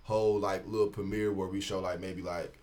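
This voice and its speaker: A man's voice: deep voice, level tone, brisk, a little mellow. A young man, a show creator, talking casually as a podcast guest, laid-back and filling his speech with "you feel me".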